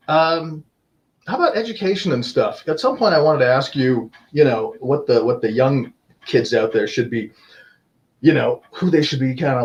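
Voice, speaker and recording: A man's voice: mid-range voice, a little mellow, dull audio. A man hosting an online talk show from his office, joking and teasing in a sarcastic, self-deprecating way over a video call. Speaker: host. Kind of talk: casual interview chat. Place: home office.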